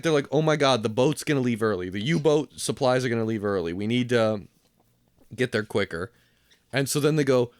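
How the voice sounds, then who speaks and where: A man's voice: mid-range voice, no room sound. A man co-hosting a film podcast, talking casually with blunt, sarcastic remarks and the odd swear. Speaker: podcast co-host. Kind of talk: casual film review chat.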